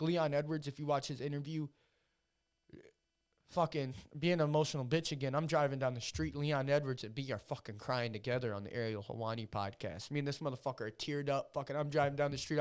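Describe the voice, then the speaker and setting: Profane, emotional man telling fight stories. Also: mid-range voice. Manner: emotional, heavily profane storytelling. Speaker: podcast guest, MMA fighter. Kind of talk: casual podcast chat.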